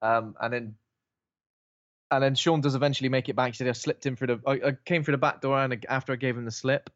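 Fast-talking man from Bristol. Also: mid-range voice, steady tone, no room sound. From Bristol, England. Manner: chatty, recounts scenes with quick asides. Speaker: podcast co-host. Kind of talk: casual film recap chat. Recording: slightly dull, dry lo-fi audio.

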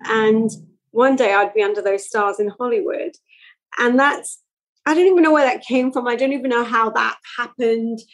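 A woman, telling stories as a podcast guest in a lively, chatty way. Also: a little high, normal speed, poor audio. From England. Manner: animated, chatty storytelling. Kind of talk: podcast interview.

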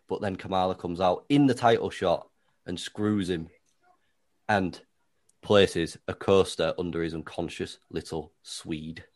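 Deadpan man, low voice. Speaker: podcast co-host. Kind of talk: casual chat.

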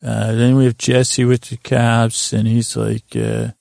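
A man's voice: mid-range voice, slow pace, gravelly, no room sound, studio quality. A man hosting a podcast, casually recapping a TV episode in a rambling way and quoting the characters without much change in his voice. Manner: rambling, quotes characters in a flat voice. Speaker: podcast host.

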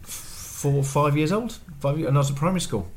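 A man's voice: fairly high pitch, brisk. An older man telling long, rambling stories full of ums and restarts in casual family podcast chat. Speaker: podcast co-host, father.

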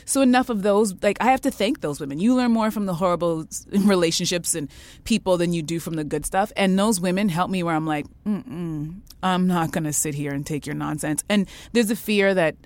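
A woman co-hosting a podcast, telling a story in casual chat, animated and blunt with the odd swear word. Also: medium pitch, a little fast, no echo. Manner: animated storyteller, swings into loud quoted outbursts, swears. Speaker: podcast co-host.

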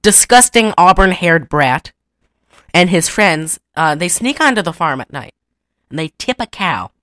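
Woman co-host, casual giggly recap with impressions, lowish bright voice. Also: no echo, clean studio sound. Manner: giggly, animated retelling with quick voice impressions. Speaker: podcast co-host recapping a cartoon. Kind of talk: casual chat.

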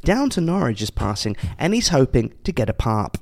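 British man, podcast co-host, playful comedy chat, very lively pitch. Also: a little fast, vocal fry. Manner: playful, bursts into silly voices.

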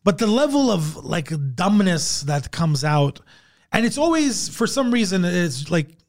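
High-voiced man swearing through rambling stories. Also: sing-song, unhurried. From Montreal, Canada. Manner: profane, rambling storytelling with many fillers. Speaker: comedian guest. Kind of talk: casual podcast chat.

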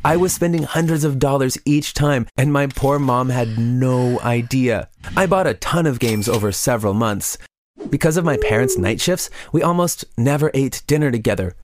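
A man's voice: medium pitch, moderate pace, darkish tone, a little hiss or hum. Man narrating a confession story evenly.

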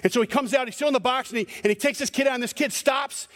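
Storytelling man, pastor, sermon, animated, repeats words, reverberant church. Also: very high-pitched, very fast. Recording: long hall reverb.

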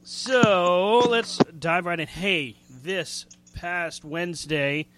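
A man's voice: sits high, extremely slow, fairly bright tone, a little hiss or hum. A man hosting a wrestling radio show, chatting casually in a jokey, rambling way and laughing easily. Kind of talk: casual chat.

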